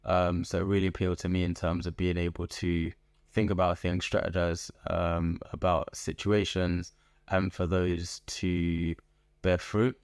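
A middle-aged man with a London accent, a guest in an interview, speaking in a thoughtful, measured way with frequent pauses. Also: deep voice, level tone, a little mellow, smooth, dry recording. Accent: London English. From England. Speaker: guest, organization founder. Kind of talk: conversational interview. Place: podcast booth.

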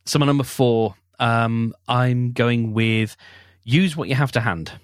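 A man's voice: mid-range voice, unhurried, clean tone, no echo, clean studio sound. A man in a casual interview, talking hesitantly with many restarts and a wry humour.

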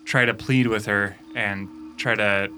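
A man's voice: lowish voice, fairly even intonation, measured pace, over music. A man playing a tabletop role-playing game, talking through his moves in a casual, thoughtful way. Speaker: player.

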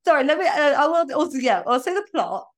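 Animated, opinionated woman podcast host. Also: high voice, fast. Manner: animated, laughs often, blunt opinions. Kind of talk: casual film review chat.

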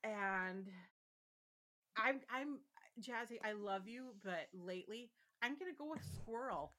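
A woman's voice: medium pitch, normal speed, a bit bright. A middle-aged woman from Wisconsin with a Wisconsin accent, a guest mother in a casual chat who laughs easily and teases. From Wisconsin, USA.

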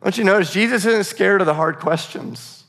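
A man's voice: high voice, moderate pace, fairly bright tone, long reverb tail. A male pastor preaching a sermon in a conversational, earnest way, often restarting his phrases.

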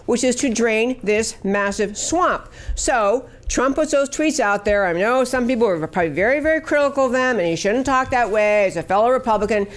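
A woman hosting a talk show, delivering opinionated political commentary in an emphatic, scornful way with many fillers. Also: fairly high pitch.

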